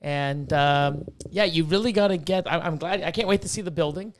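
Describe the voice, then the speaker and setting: A man's voice: fairly high pitch, normal speed. A man hosting a casual podcast chat, joking and laughing, rambling with fillers. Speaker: podcast host.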